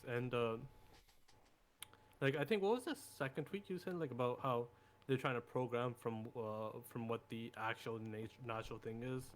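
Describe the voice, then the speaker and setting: A man in a casual group discussion, rambling hesitantly and trailing off quietly. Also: medium pitch, a little hiss or hum. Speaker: podcast co-host.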